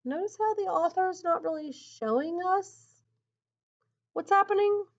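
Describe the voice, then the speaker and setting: A woman reading a picture book aloud in an expressive, teacherly way, pausing to think aloud about the story. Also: extremely high pitch. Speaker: storybook reader. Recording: dull lo-fi recording.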